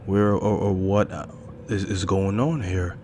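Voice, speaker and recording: Man doing a scared amnesiac guy, stuttering, repeating words, lowish voice, horror story, faint hiss. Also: steady tone, a little slow. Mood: nervous. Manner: stammering, repeats words nervously. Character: frightened confused man with no memory.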